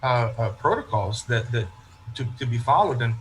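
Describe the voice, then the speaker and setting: A man's voice: mid-range voice, expressive, moderate pace, fairly bright tone, slight background noise, poor audio. A man, a parish priest, talking in a casual interview and telling stories that he acts out with quoted remarks and frequent restarts.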